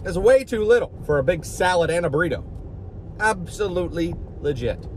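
A man's voice: high-pitched, lively intonation, fairly quick, a little mellow, slight background noise. A man vlogging in a rambling, jokey way, outdoors by a street. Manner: rambling, jokey, puts on silly voices. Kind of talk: rambling casual vlog.

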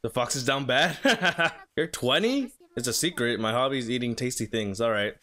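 A man's voice: mid-range voice, animated, normal speed, sharp tone. A young man casually reacting to an anime episode, chatting at the screen and reading the subtitles aloud. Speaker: reaction video host.

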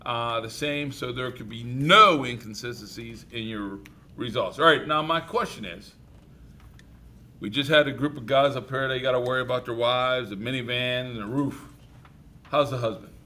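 A man teacher running a classroom wrap-up, joking with students and loudly repeating their answers. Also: medium pitch, normal speed.

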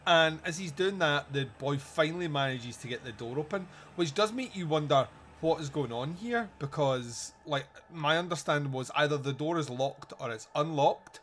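A man's voice: fairly high pitch, moderate pace, hardly any pauses, a bit bright, slight background noise. A man hosting a podcast, recapping a movie in casual chat, joking and laughing often. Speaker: podcast host.

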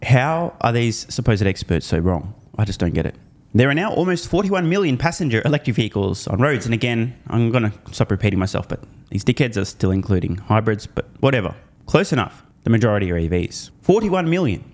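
A man's voice: medium pitch, big pitch swings, a little fast, darkish tone. A man hosting an investing commentary video, sarcastic and emphatic, swearing at forecasters as he reads through a report. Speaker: host.

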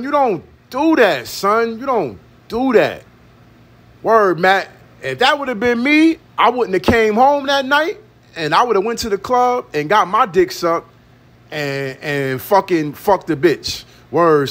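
High, lively New man ranting. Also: slightly rough. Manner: profane, rambling, repetitive street slang. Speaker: vlogger. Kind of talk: casual ranting monologue. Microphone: phone.

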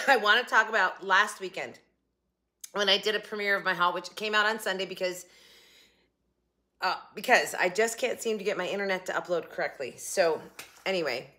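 A woman's voice: mid-range voice, moderate pace, pauses often, bright, forceful tone. A woman hosting a casual shopping haul vlog from her home kitchen, chatty and rambling, often cutting herself off mid-thought. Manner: chatty, rambling, self-interrupting. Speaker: channel host. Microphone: phone camera.

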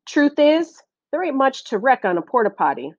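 An irritable bald foreman grumbles and huffs through his complaints in rough, indignant speech, voiced by a woman reading aloud. The recording is dry and a little muffled. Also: sits high, very animated, moderate pace, no room sound, voice pushed up. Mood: grumbling. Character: gruff bald male construction foreman, irritable. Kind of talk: audiobook character voice.

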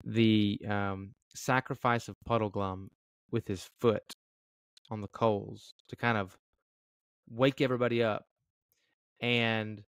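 A man's voice: fairly low pitch, little pitch movement, slow pace, long pauses, clean tone, no echo, studio quality. A man co-hosting a podcast who thinks aloud in a tentative, hedging way during a casual book discussion. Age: adult. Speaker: podcast co-host.

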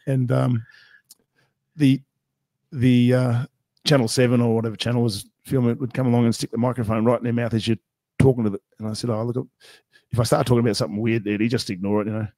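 Fast-talking Australian man telling stories. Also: medium pitch, level tone, mellow, dry recording. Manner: joking storyteller, quick and chatty. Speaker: podcast host and fight commentator. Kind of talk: casual podcast chat.

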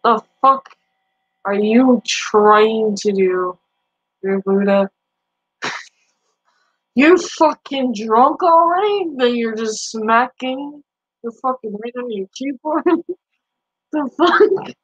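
A woman's voice: fairly high pitch, animated, slow pace, long pauses, dull audio. A woman streamer in casual live-stream chat, profane and teasing, laughing often as she talks back to viewers.

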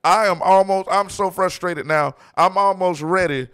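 A man's voice: sits high, moderate pace, a bit bright, clean tone. A man preaching a sermon, impassioned and mocking, frequently acting out quotes. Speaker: pastor.

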